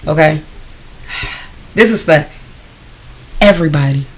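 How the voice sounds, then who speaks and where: A woman's voice: low voice, measured pace, slightly rough, low-quality recording. A woman singer-songwriter guesting on a podcast, telling her story frankly and animatedly, with slang. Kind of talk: candid podcast conversation.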